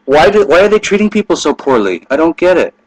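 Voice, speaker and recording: A man's voice: fairly high pitch, big pitch swings, quick pace, no room sound, poor audio. Emphatic man talking to his webcam. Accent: Southern US. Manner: emphatic, keeps adding "allegedly". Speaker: vlogger recording his own phone calls. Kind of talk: webcam vlog.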